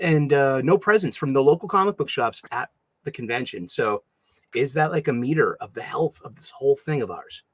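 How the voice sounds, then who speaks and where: A man's voice: mid-range voice, no room sound. A man with a Boston accent, a podcast co-host telling rambling stories in casual chat, full of restarts. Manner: rambling, animated storytelling with many restarts.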